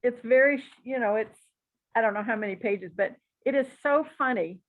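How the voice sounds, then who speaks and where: A woman's voice: on the high side, normal speed. Chatty woman teacher on tinny audio. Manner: encouraging and chatty, with frequent asides. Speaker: psychic teacher. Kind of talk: relaxed spoken class talk.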